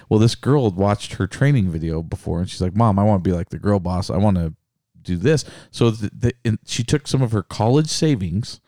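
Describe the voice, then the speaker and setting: A man's voice: fairly low pitch, darkish tone, no echo, studio quality. A man co-hosting a podcast who tells stories animatedly, swearing and acting out quotes. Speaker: podcast co-host. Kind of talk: casual storytelling chat.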